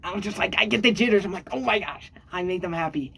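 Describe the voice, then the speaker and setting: A woman vlogger talks casually to her camera at a mid pitch. She rambles with plenty of fillers, "um"s and restarts. Now and then she jumps into squeaky, excited highs. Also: quick pace, creaky, a little hiss or hum. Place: at home on a squeaky chair.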